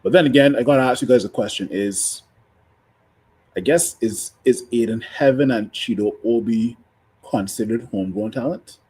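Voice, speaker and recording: A man on a fan panel in casual chat over a video call, speaking hesitantly and filling pauses with "um". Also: mid-range voice, a little mellow, breathy edge.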